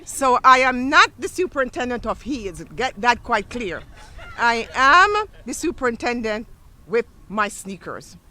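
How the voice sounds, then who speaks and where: A woman's voice: a little high, very animated, measured pace, pushed and bright. A woman giving a speech as school superintendent at an outdoor stadium ceremony, rousing the crowd to cheer.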